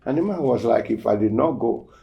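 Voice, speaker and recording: A man hosting a show, casually telling a testimony story and acting out the quoted dialogue, swinging between loud emphasis and near-whispered asides. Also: mid-range voice, lively intonation, brisk, creaky, highs cut off, a little hiss or hum. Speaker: show host.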